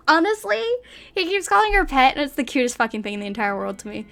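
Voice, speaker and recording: A woman's voice: high voice, big pitch swings, quick pace, gravelly, a bit bright, soft background music. A young woman reading a story aloud and breaking off for giggly, chatty asides full of "like".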